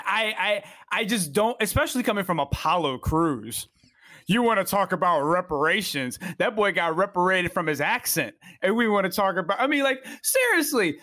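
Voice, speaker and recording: A man co-hosts a casual podcast, and his pitch swings widely as he gets worked up. He often stammers and restarts his sentences. He sounds close and dry. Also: dry recording. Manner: animated and indignant, with stammered restarts. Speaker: podcast co-host.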